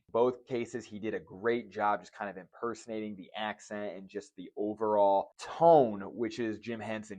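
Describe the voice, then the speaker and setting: A man's voice: on the low side, a little mellow. A man giving a casual, joking movie review, swearing freely as he talks. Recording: dull lo-fi recording.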